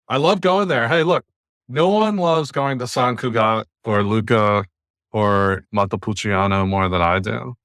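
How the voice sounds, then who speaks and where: A man's voice: fairly low pitch, a bit bright, dry recording, clean studio sound. An American man hosting a podcast, speaking bluntly and emphatically in long runs of argument over a remote call. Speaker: podcast host. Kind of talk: opinionated casual podcast talk.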